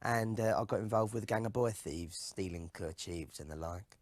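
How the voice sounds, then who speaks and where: A man's voice: normal speed, no room sound, close to an everyday voice. An actor playing a dim, boastful male pop singer who puts on a fake cockney manner in a comedy sketch interview. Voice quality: lively, sing-song pitch swings.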